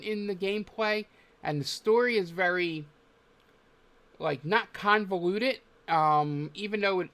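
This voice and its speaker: A man's voice: fairly high pitch, fairly bright tone. A man hosting a podcast, talking casually about games in a loose, rambling way with many filler words. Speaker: podcast host. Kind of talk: casual chat.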